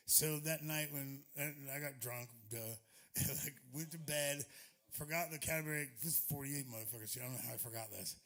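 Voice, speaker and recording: A man's voice: mid-range voice, moderate pace, fairly bright tone. A man in his forties, a touring musician, telling a rambling, profane story on a club stage into a stage mic, laughing often.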